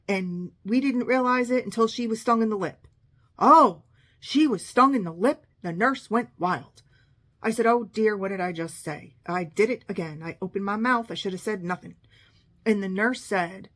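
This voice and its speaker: A middle-aged woman spins a long story from her own life, dry and sarcastic, with an exasperated edge as she quotes the people involved. Her voice sits in an ordinary middle pitch. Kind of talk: casual storytelling monologue.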